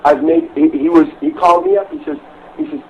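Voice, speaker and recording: A middle-aged man on a phone call who rambles, circles back to the same points and curses freely. His voice sits a little high for a man. The recording is muffled and lo-fi, with a faint hiss underneath. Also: sing-song, fast talker. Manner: rambling, repeats himself, swears freely. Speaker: prank call victim.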